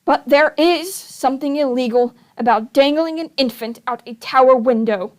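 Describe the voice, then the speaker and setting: A woman's voice: high voice, moderate pace. A woman voicing a kind, indignant female judge in a storybook reading, firm and fond. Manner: indignant then warm.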